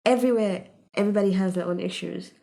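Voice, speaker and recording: A woman's voice: medium pitch, fast talker, creaky, warm tone. A woman in her late twenties, a podcast guest chatting casually and animatedly, laughing often and using many fillers. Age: late 20s. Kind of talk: casual interview chat.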